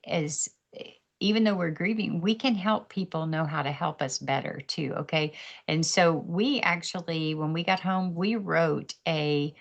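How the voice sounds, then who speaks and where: A woman's voice: deep voice, vocal fry, dull audio. A woman guest on a podcast, telling her story candidly with faith, laughing often and acting out other people's voices, heard over a video call.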